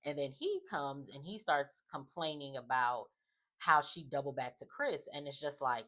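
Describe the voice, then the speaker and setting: A woman with a strikingly low voice recaps a reality show in a loose, chatty way. She is opinionated, leans on fillers and keeps up a running commentary. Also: normal speed, fairly bright tone. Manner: chatty, opinionated, often says "just like" and "um".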